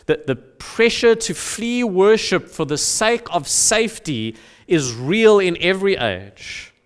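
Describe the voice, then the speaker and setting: A man's voice: sits high, sing-song, takes it slowly, clean tone. A man preaching a sermon as pastor, earnest, with emphatic rises and drops. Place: church sanctuary. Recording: long reverb of a church hall.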